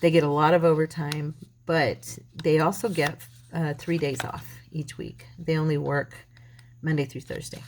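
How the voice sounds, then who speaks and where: A woman with a notably low voice chats casually while crafting, rambling through a story with plenty of restarts. Steady background noise and clicking sounds run under her voice. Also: normal speed. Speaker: crafting channel host.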